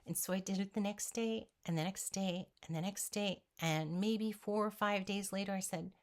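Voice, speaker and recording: A woman's voice: mid-range voice, fairly even intonation, normal speed, darkish tone. Earnest woman giving motivational encouragement. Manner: speaks directly to the viewer. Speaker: weight-loss vlogger. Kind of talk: motivational talk to camera.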